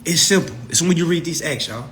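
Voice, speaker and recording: A man's voice: fairly high pitch, a little fast, a bit bright, slight background noise. A man coaching followers on consumer law in a profane, mocking rant. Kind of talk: ranting monologue to followers.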